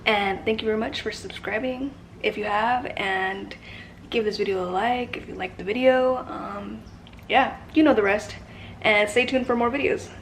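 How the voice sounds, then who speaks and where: A woman's voice: a little high, steady tone, moderate pace, a little hiss or hum. Rambling, chatty woman cooking outdoors. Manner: rambling and chatty, swears casually. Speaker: cooking channel host. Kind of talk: casual cooking vlog chat. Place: outdoors in a backyard.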